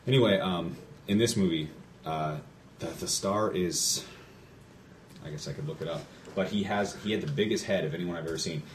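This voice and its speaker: A man hosting a podcast, talking in casual chat with halting, rambling storytelling and many restarts. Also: deep voice, reverberant, distant mic, a little hiss or hum. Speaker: podcast host.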